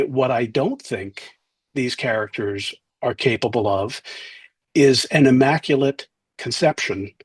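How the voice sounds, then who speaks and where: In an interview, a middle-aged author from New Jersey tells wry stories, acting out the voices of the people he quotes. His husky voice is medium in pitch, with no echo.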